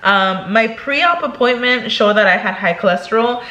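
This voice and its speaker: A woman's voice: on the high side, normal speed, sharp tone, roomy sound, lo-fi sound. A young woman vlogging in casual chat, talking chattily and emotionally, filling her talk with "like" and "girl".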